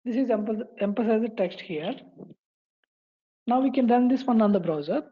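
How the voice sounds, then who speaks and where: Halting woman teaching code, lo-fi. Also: on the high side, animated. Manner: halting, repeats phrases while typing. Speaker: coding tutor. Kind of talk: screen-recorded coding tutorial.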